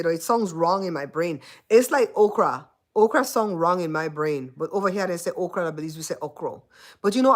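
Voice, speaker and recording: A woman's voice: on the low side, fairly bright tone. A Belizean woman hosting a casual livestream chat, laughing often and teasing her viewers. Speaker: host.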